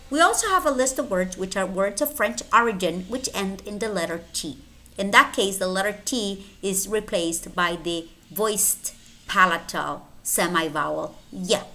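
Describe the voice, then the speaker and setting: A woman's voice: mid-range voice, lively intonation, a little slow, pushed and bright. A woman teaching English pronunciation, saying each example word twice with careful enunciation. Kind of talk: slow, deliberate pronunciation lesson.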